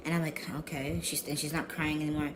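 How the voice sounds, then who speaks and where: A man's voice: a little high, monotone, quick pace. Rambling young man, noisy vlog recording. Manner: rambling, slangy, repeats and restarts himself. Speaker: vlogger. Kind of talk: casual storytelling vlog.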